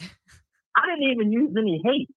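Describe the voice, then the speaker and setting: A man's voice: very high voice, lively intonation, a little slow, slightly rough, no echo. A man co-hosting a podcast in casual chat, talking sarcastically with mocking asides. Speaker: podcast co-host. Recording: dry, tinny phone-like line.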